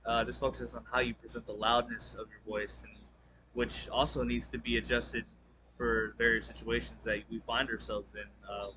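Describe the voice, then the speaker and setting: A man's voice: medium pitch, flat delivery, noisy background. A young man giving a casual spoken summary for a class assignment, rambling with many fillers and restarts. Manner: talks fast, by his own account. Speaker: student presenting a class assignment.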